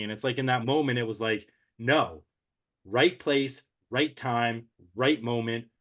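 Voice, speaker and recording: Earnest man, mid-pitched voice, reflective and emotional storytelling. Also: fairly bright tone. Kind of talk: casual conversational recap.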